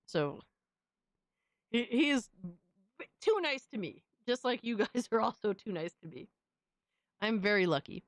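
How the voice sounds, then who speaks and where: A woman's voice: a little high, very animated, unhurried, pauses often, dry recording. A young adult woman hosting a live stream in casual chat. She swears freely and coos at her cat.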